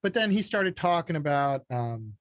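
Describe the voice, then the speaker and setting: A man's voice: fairly high pitch, sing-song, moderate pace, dry recording. A man from Texas, a company founder, talking bluntly and freely in a casual podcast conversation, swearing often. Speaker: guest, startup founder.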